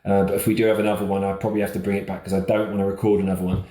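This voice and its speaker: A man's voice: sits low, rapid-fire. A man, a children's TV presenter, telling a rambling, self-mocking story in a casual podcast chat. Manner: rambling, animated, self-mocking, laughs often. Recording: roomy echo.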